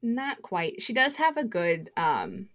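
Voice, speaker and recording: A woman's voice: mid-range voice, huge pitch swings. A woman co-hosting a podcast, chatting casually in an emphatic, playful way. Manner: emphatic, playful, quick to laugh. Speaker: podcast co-host. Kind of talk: casual fan discussion.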